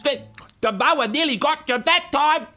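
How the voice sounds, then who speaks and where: A man's voice: extremely high pitch, moderate pace, sharp tone, soft background music, voice pushed up. A man voicing a gloomy male snail in a children's storybook, speaking in a doleful, matter-of-fact way.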